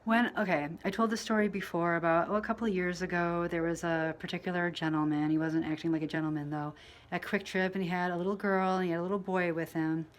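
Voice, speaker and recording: A woman vlogging casually to camera, telling a rambling story full of fillers and restarts, mostly quiet and low, getting louder when she acts out what people said. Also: steady tone, fast talker. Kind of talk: casual storytelling to camera while dyeing her hair.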